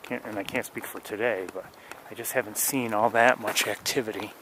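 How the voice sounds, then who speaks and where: A man's voice: lowish voice, fairly even intonation, brisk, background noise. A man narrating casually while walking wet outdoor trails in light rain, rambling with many fillers and restarts as he guides a birding tour.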